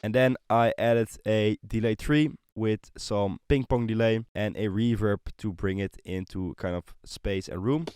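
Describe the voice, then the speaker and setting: A man teaching music production in a screen-recorded tutorial, explaining in a relaxed way with many fillers. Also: fairly low pitch, a little slow, hardly any pauses, clear, resonant tone. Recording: voice over loud synth and drum loops.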